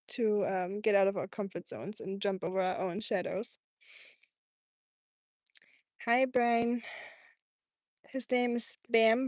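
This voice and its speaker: A woman with a thick German accent hosts a live stream, reading out viewer comments and chatting back with easy laughter. Her voice sits a little high. The sound is close and dry, with no room echo. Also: a little mellow. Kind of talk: casual live-stream chat. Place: home in Tennessee.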